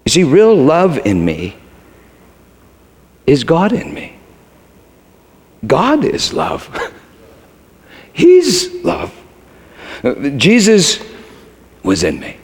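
A male pastor delivers a sermon with animated pitch that dives low and soft, then climbs to emphatic shouts. His speech stumbles and restarts when he is moved. The sound carries a long reverb, as in a large hall. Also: slow, long pauses. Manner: dramatic swings from hushed to shouting.

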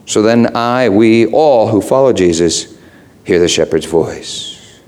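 A middle-aged pastor delivers a sermon with a lively, bouncing delivery. His pitch jumps around as he moves between hushed asides and excited emphasis, and his tone stays playful and conversational. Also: slow pace. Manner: animated, playful, swings from low asides to high excited emphasis.

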